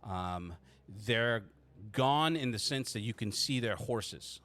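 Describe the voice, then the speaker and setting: A man's voice: medium pitch, lively intonation, slow pace, fairly bright tone, no room sound. A man running a tabletop game as game master, casual and teasing, rambling with frequent restarts.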